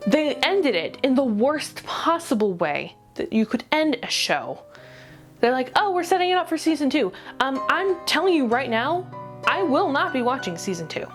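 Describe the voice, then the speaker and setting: A woman reviewing an anime in a ranty vlog, exasperated, rapid and swearing. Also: sits high.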